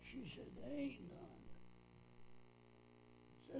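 Older man, preacher, gravelly, unhurried folksy storyteller; muffled lo-fi recording. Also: sits high, background noise. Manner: folksy, repetitive, retells dialogue with "said". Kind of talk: reminiscing storytelling. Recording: dull lo-fi recording.

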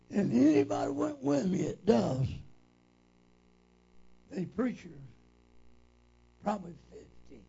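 Gravelly older preacher, slow and folksy. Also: male voice, high-pitched, warm tone, slight background noise. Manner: folksy, repetitive, retells dialogue with "said". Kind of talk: reminiscing storytelling. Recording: dull lo-fi recording.

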